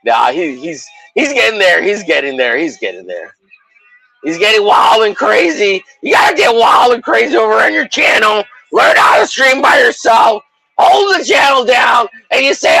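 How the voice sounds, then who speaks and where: A man hosting a livestream in rowdy, crude casual chat, often bursting into shouted, mock-bullying banter. His voice sits high with a gravelly fry and leaps all over the place. Soft music plays faintly behind him. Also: sing-song, measured pace, low-quality recording. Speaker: livestream host.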